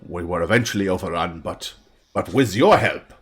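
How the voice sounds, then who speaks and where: A man's voice: deep voice, lively intonation, fairly bright tone, husky, pitched below the performer's own voice, heavily acted. A man doing a hot-tempered protective father. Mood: commanding. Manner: commanding, quick to anger.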